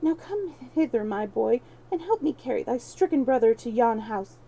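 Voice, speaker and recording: A woman's voice: on the high side, lively intonation, normal speed, vocal fry, warm tone, breathy edge, highs cut off, exaggerated voice. A woman voicing a kindly, gullible man who fusses and exclaims with pity. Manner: fussing, pitying exclamations. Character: kindly fussing man stranger, easily fooled.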